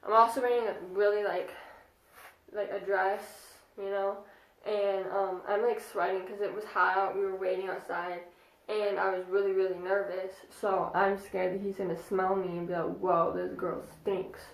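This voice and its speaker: A young woman in her twenties telling a casual storytime vlog, chatty and excitable with lots of fillers. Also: medium pitch, moderate pace. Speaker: vlogger. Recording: echoey room.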